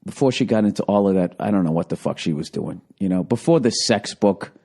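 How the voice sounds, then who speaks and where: A man's voice: sits low, fairly quick, a little mellow. A man hosting his podcast from home, ranting sarcastically with lots of swearing in a rambling comedic monologue, recorded on a handheld digital recorder. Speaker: podcast host.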